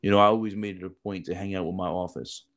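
Very deep-voiced casual man. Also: fairly even intonation, fast. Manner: loose, profane, peppered with "bro" and "like". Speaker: podcast co-host, former military recruiter. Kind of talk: casual chat.

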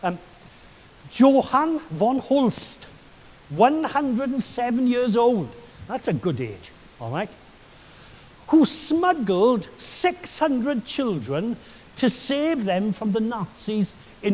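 Recorded in a hall with long reverberation, this man preaches as a pastor in an extremely high voice with a darkish tone. His sermon is full of eager, conversational stories and frequent digressions.

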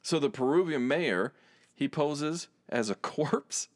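A man chatting casually and relaxed, with frequent fillers and restarts. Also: on the high side, takes it slowly, background noise. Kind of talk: casual chat.

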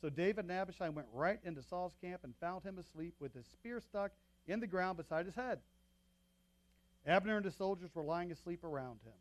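A male pastor with a slightly raised pitch delivers a sermon in a relaxed, conversational way. He reads scripture aloud and punches the quoted speech with extra force. The sound is close and dry, with little room around it. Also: fairly quick, no room sound. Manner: conversational, checks in with the congregation.

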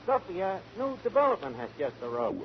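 Fast-talking wise-guy bar manager, brash with bad grammar, muffled hissy old radio recording. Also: high-pitched, big pitch swings. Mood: wisecracking. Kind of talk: 1940s radio comedy.

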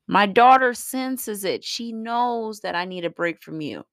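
A woman's voice: medium pitch, lively intonation, unhurried, a bit bright, no room sound. A woman, a mother, venting in a casual vlog, blunt and profane, rambling with lots of fillers. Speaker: mother vlogging about her day.

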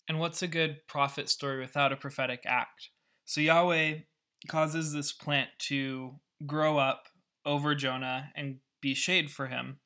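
A man's voice: on the high side, bright, forceful tone. A man and podcast host who explains a scripture story in a casual, wry way, with asides. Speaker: podcast Bible teacher.

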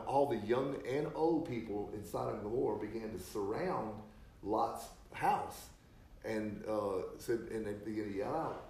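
A man's voice: mid-range voice, darkish tone, echoey room. A man preaching a sermon, retelling a scripture story in casual everyday speech and building to emphatic points.

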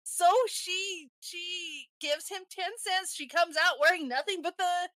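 A woman's voice: extremely high pitch, fairly even intonation, measured pace, bright, forceful tone, no echo. A woman co-hosting a podcast, casually retelling a movie's scenes step by step with frequent restarts. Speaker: podcast co-host.

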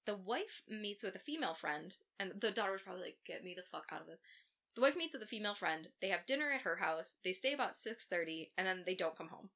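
Female podcast co-host, casual true-crime storyteller, profane and sarcastic, bright forceful voice. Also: mid-range voice, expressive, fast, hardly any pauses. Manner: profane, sarcastic asides while recounting facts.

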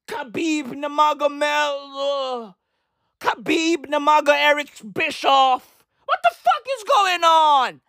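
A woman's voice: mid-range voice, fairly bright tone, no room sound, studio quality. A woman delivering a rambling, profane comic rant full of slang, breaking into mocking voices and laughter.

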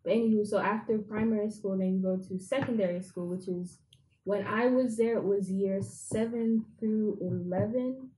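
British-jamaican accent lady, mellow voice, giggly guest, little hiss behind her. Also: medium pitch, fairly even intonation, normal speed, low-quality recording. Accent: British with Jamaican influence. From England. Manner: laughs easily, playful. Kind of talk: casual chat.

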